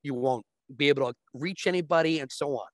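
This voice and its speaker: A man's voice: fairly high pitch, fast, no room sound. A man as a guest, explaining sports betting in casual chat with long, restarting sentences.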